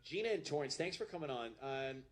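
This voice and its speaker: A man's voice: mid-range voice, animated, brisk. A man hosting a radio call-in show, upbeat and bantering.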